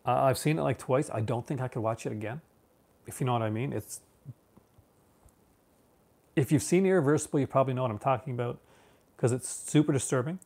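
A man's voice: mid-range voice, fairly quick, vocal fry, pauses often, darkish tone. A Canadian man in his thirties chatting casually with viewers about films, rambling with many restarts, fillers and frequent laughs. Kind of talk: casual chat, answering viewers.

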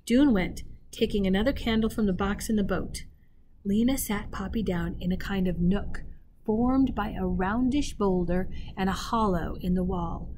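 A woman teacher reading a children's novel aloud expressively, pausing to speak directly to her listeners. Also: medium pitch, slight background noise. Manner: expressive, pauses to talk to listeners.

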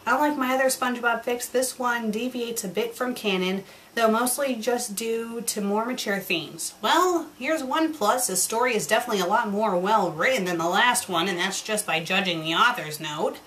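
A woman's voice: fairly high pitch, moderate pace, hardly any pauses, a bit bright, slight background noise. A woman reviewing and reading fanfiction aloud, with sarcastic, exasperated asides.

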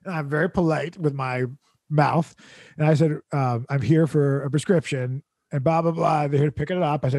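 A man's voice: a little high, fairly even intonation, brisk, darkish tone, no room sound, clean studio sound. A man hosting a comedy podcast, telling a rambling, exasperated story with laughs mixed into his sentences.

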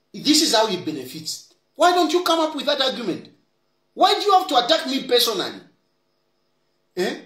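A man's voice: sits high, fairly bright tone, echoey room. A man with a Zambian accent giving argumentative political commentary full of rhetorical questions. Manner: argumentative, rhetorical questions, mixes English with Bemba.

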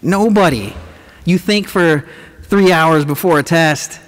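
A man giving a comedic, sarcastic lecture to students as a professor, animated and teasing the audience. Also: on the high side, slow pace. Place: large lecture auditorium. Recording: echoey hall recording, faint room noise.

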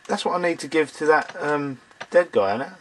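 A man playing through a game and narrating as he goes, his pitch slightly high and leaping all over the place as he cries out and swears at the screen. He sounds a bit hoarse from losing his voice, with a faint noise floor in the recording. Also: fairly quick. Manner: excitable, swearing, talks to game characters. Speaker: let's player. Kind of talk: gameplay commentary.

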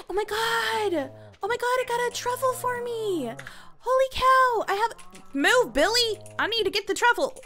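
Giggly high-voiced woman narrating her gameplay. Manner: giggly, excitable, talks to viewers as besties. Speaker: gaming video host. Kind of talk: casual gameplay commentary.

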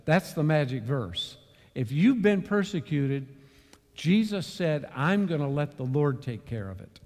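A man leading a church Bible study, telling a story and then driving home a lesson with sudden loud bursts of emphasis. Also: fairly high pitch, big pitch swings, unhurried, big-room sound. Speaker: Bible class teacher. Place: church meeting room.

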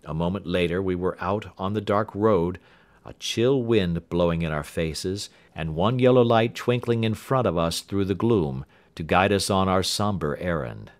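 A man narrating a classic detective story as an audiobook, steady and expressive. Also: low voice, a little slow.

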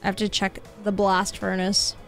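Faint music sits behind this young Canadian-accented streamer as she chats casually with her viewers during gameplay, rambling with lots of fillers. Her medium-pitched voice is monotone and fairly bright, at a normal speed.

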